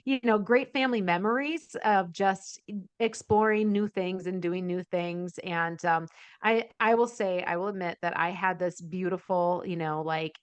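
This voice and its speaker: Energetic woman guest, smooth clear voice. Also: on the low side, moderate pace, no room sound. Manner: energetic storyteller, many fillers. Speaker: podcast guest. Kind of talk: casual interview chat.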